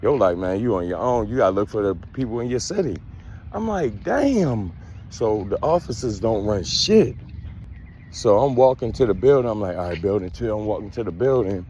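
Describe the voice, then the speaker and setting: A man telling a casual storytime, animated and full of street slang, acting out the quotes. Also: fairly low pitch, fairly quick, slight background noise. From Baltimore, USA. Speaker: storyteller vlogger.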